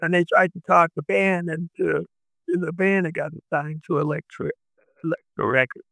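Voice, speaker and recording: An older man rambling through memories in a casual interview, halting with fillers. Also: on the high side, steady tone, gravelly, a bit bright, no room sound, poor audio. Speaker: interviewee recalling the past. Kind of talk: casual storytelling.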